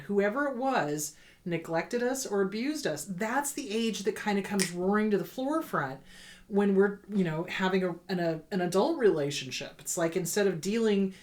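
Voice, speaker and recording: A woman therapist hosting an advice show, talking through viewer letters in an earnest, conversational way and repeating words for emphasis. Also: mid-range voice. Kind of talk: casual advice talk answering viewer letters.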